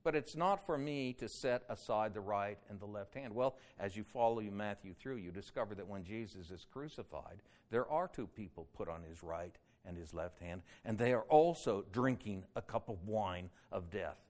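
Man preaching, rising and falling emphasis. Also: lively intonation. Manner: rises loud on quoted cries, drops low and slow on solemn points. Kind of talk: expository sermon.

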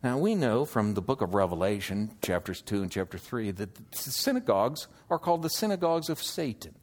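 A man preaching an expository sermon, teaching slowly through scripture and asking the listeners questions. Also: fairly low pitch, big pitch swings. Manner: slow, measured teaching with scripture quotes; emphatic, questioning delivery.

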